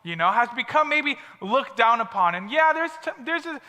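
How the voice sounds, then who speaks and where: A man's voice: very high-pitched, very animated, moderate pace, pushed and bright. A young man giving a chatty, upbeat storytelling sermon to a youth audience. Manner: upbeat and chatty, many asides. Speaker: speaker at a youth service. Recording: long reverb of a big hall.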